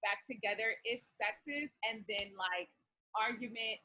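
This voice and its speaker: A woman guest on a podcast, chiming in quietly and agreeably in casual chat. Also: on the high side, measured pace, lo-fi sound.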